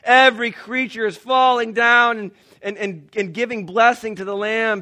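Bright high-pitched guy preaching, gets loud then goes real quiet, laughs a lot. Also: normal speed, few pauses. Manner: animated, swinging from loud to hushed; laughs between lines, frequent restarts. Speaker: pastor. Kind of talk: sermon.

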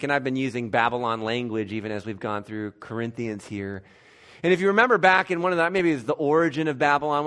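A male pastor preaching a conversational, animated sermon in church. He often restarts and corrects himself. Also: mid-range voice.

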